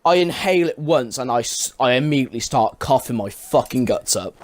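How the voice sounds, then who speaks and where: A man's voice: mid-range voice, lively intonation, brisk, no echo. Rambling young guy, swearing a lot. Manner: rambling, swears often, leans on "like" fillers. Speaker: vlogger. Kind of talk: casual storytelling to camera.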